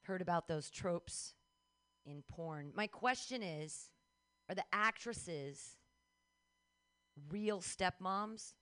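A woman's voice: on the low side, a bit bright. A middle-aged woman performing a stand-up set in a comedy club, in a blunt, conversational way.

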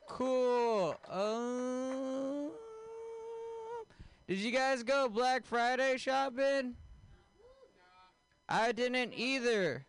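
A man doing a stand-up comedy set, deadpan and crude, often quizzing the crowd. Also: extremely high pitch, extremely slow, pauses often, clean tone. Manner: deadpan, crowd-work questions, crude jokes.

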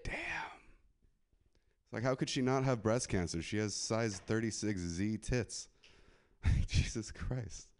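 Man, stand-up comic, low voice, crude, rambling, live club stage. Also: takes it slowly, long pauses, a little mellow. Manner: crude, rambling, laughs at his own jokes. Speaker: stand-up comedian.

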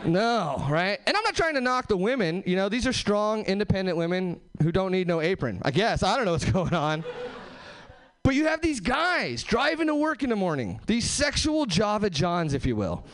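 A male stand-up comedian from Southern California works a club stage with a high-pitched voice. His delivery is punchy and animated, with wide, lively swings in pitch. He speaks into a handheld stage mic. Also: normal speed.

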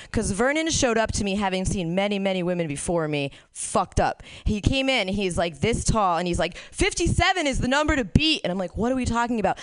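A woman's voice: mid-range voice, smooth, no echo. A woman doing a stand-up set, telling crude stories candidly and laughing at her own jokes. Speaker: stand-up comic.

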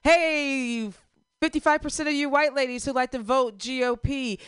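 A woman's voice: sits high, steady tone, normal speed, a bit bright, clean tone, no echo. A woman in her thirties co-hosting a casual radio talk show, blunt and indignant, swearing freely. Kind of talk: casual chat.

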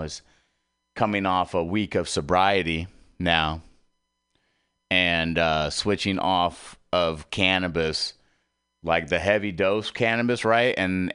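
A man hosting an internet radio show, talking in a rambling, emotional monologue that repeats itself and swings from loud outbursts to hushed asides. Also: sits low, clean tone. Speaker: podcast host.

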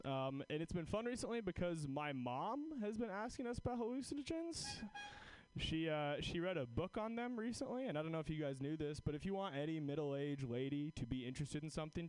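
A man's voice: fairly high pitch, darkish tone, clean tone, low-quality recording. Guy comic doing standup, swears a lot, rambly, lots of likes and ums. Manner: profane, rambling, filler-heavy. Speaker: stand-up comedian. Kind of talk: stand-up set, then feedback chat.

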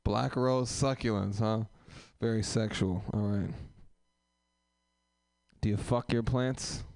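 A man's voice: fairly low pitch, steady tone, slow pace, gravelly, a little mellow, no echo, studio quality. A man hosting a comedy open mic who riffs on the audience in a profane, rambling, teasing way in a small live room. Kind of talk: live crowd work banter.

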